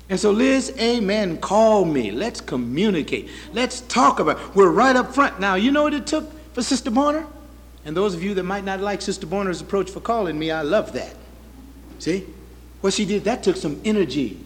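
High-voiced preaching pastor in echoing hall. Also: male voice, lively intonation, a little fast. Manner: preaching with sudden loud high bursts and soft low asides. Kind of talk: sermon.

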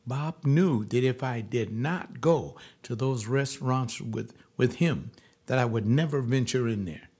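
A man's voice: mid-range voice, darkish tone. Rambling older male pastor. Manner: rambling, digressive storytelling with many restarts. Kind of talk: reflective personal monologue.

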